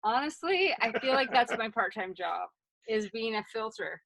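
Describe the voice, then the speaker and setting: A woman's voice: fairly high pitch, animated, moderate pace, vocal fry, a loud crowd. A woman co-hosting a casual chat, teasing and wry in how she talks. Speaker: co-host.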